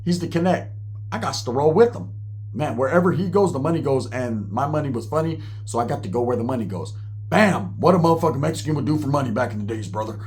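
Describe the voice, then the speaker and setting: A man's voice: medium pitch, expressive, quick pace, darkish tone, slight background noise. A man telling a wild personal story in casual, profane, slang-filled talk, acting out the people he quotes.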